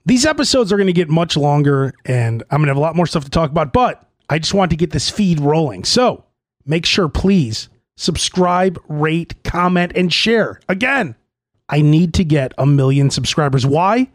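A man hosts his own solo comedy podcast, telling stories in a profane, playfully indignant way. His voice is a little high and animated at a normal speed, and the studio-quality recording is dry.

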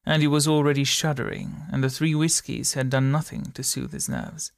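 Gravelly male audiobook narrator. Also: medium pitch, no echo, studio quality. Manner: steady, measured storytelling.

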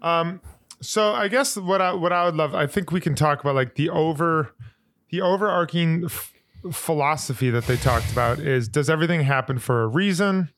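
A man's voice: on the high side, normal speed, fairly bright tone, no room sound. A man in casual podcast talk, recapping scenes with fillers.

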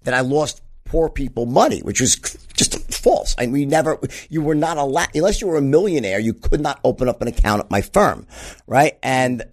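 A man's voice: mid-range voice, lively intonation, moderate pace. A man telling stories in an interview, emphatic and profane, often mimicking other voices. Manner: profane, emphatic, does mocking voices of his father. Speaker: podcast guest. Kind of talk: animated storytelling interview.

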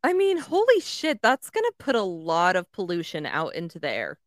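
A woman's voice: fairly low pitch, wildly swooping pitch, no room sound, clean studio sound. A woman co-hosting a casual podcast, agreeing bluntly and cursing freely. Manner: blunt, profane, quick to agree. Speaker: podcast co-host.

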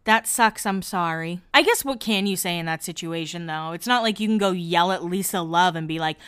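Young woman from boston, podcast host, chatty recap, smooth clear voice. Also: on the low side, fairly quick, a bit bright. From Boston area, United States. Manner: chatty, quotes others in little voices, laughs often. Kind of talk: casual recap chat.

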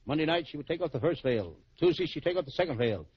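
A man's voice: a little high, lively intonation, fast talker, a little hiss or hum. A man playing the childlike, giggly wisecracking comic in a 1940s radio comedy duo, on a dull old broadcast recording.

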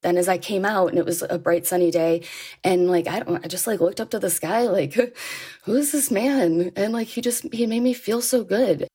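A woman, earnestly telling a personal story and laughing softly between phrases. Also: on the low side, fairly even intonation, moderate pace, breathy edge. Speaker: interviewee sharing a personal story.

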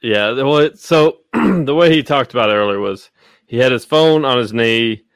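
A man's voice: medium pitch, animated, moderate pace, clean tone, dry recording, studio quality. A man hosting a casual podcast chat, rambling with lots of fillers and swearing. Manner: rambling, profane, full of fillers. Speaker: podcast host.

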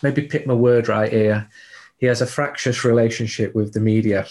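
A man's voice: mid-range voice, fairly even intonation, moderate pace, darkish tone. A man, a football journalist chatting casually on a podcast, digressive and prone to restarts.

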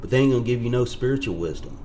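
A man's voice: medium pitch, expressive, rapid-fire, dark tone, slight background noise. A man, a podcast guest, speaking earnestly in casual chat.

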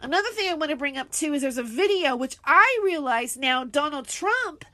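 A woman's voice: sits high, expressive, moderate pace, sharp tone, dry recording. A woman hosting a solo podcast, talking in an indignant, heated, rambling way with many fillers. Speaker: podcast host.

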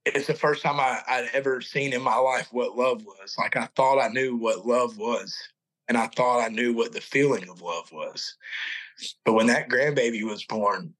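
A man in his forties tells his personal faith testimony as a podcast guest. His voice sits at an ordinary middle pitch. He speaks earnestly and haltingly, breaking off and restarting his sentences. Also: a bit bright, rough recording.

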